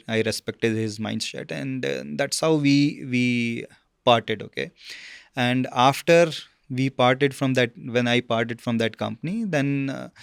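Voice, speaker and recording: A man, a guest telling his career story in a casual interview, halting with many fillers and "okay?" check-ins. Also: mid-range voice, vocal fry, clean tone, no echo, clean studio sound.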